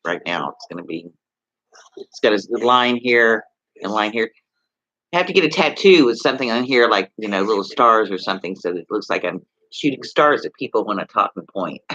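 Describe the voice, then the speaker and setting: A Texan man talks loosely to his livestream viewers, drifting from point to point and tossing questions at them. His voice is bright and forceful. The sound is dry and close, but dull and lo-fi. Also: on the low side, no echo. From Texas. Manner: rambling, talks straight to viewers with many questions. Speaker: livestream host. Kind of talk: casual livestream chat.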